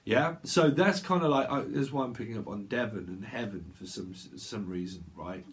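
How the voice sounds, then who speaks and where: A man's voice: lowish voice, moderate pace. A man with a British accent giving a psychic tarot reading, rambling and free-associating, often trailing off and correcting himself. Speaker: tarot reader.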